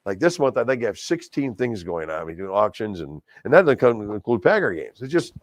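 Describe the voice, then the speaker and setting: An older man from Wisconsin, a TV anchor and charity auctioneer, telling stories in a folksy, animated, self-deprecating way in a casual interview. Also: fairly low pitch, a little fast, no echo.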